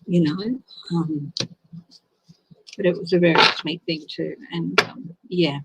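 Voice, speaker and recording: A woman's voice: on the low side, steady tone, slow pace, fairly bright tone, slight background noise, low-quality recording. A woman giving a casual live tarot reading, chatty and openly emotional as she answers viewers. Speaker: tarot reader.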